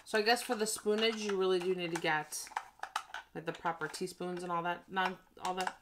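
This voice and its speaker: A woman's voice: on the low side, fairly even intonation, moderate pace, heavy background noise. A tired woman chatting casually as she reviews a haul, ranting and making self-deprecating asides. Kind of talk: casual chat.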